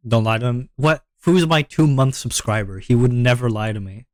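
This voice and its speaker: Young guy streamer rambling, halting and self-deprecating, mid voice, dry close mic. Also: medium pitch, dry recording. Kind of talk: casual live-stream chat.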